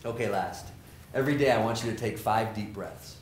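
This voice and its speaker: Middle-aged male lecturer, lively and joking, plays out voices in his anecdotes; average pitch, roomy hall with faint noise. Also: a little fast. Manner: animated, joking, acts out quoted people. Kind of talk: energetic lecture to students.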